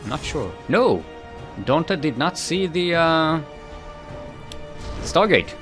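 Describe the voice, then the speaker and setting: A man's voice: fairly high pitch, animated, slow. A man casting a live video game match, rambling and correcting himself often with a light chuckle, while faint music plays behind. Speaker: esports caster.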